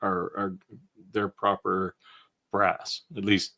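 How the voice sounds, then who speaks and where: A man co-hosting a live maker Q&A in casual chat, explaining technical details in a plain, matter-of-fact way. His voice is low-pitched and recorded close and dry, with no room echo. He talks like a hands-on maker sharing what has worked for him. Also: completely flat delivery, slow pace, creaky, pushed and bright.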